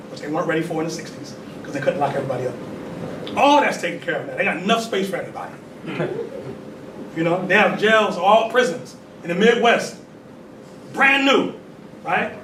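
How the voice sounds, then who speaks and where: A man giving a call-and-response religious talk, conversational and full of "right?" tag questions. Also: high-pitched. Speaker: temple leader giving a talk. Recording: echoey distant room recording with noise.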